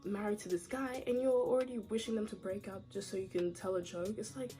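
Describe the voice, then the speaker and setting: A woman's voice: mid-range voice, fairly even intonation, brisk, mellow, faint music behind. A woman giving casual, opinionated commentary on a reality show, talking straight to her viewers and often saying "like, girl".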